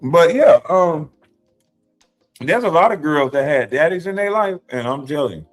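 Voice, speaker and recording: A man's voice: on the high side, normal speed, soft background music. A man co-hosting a casual reaction stream, joking and telling crude stories. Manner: animated, joking, crude storytelling. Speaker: stream co-host.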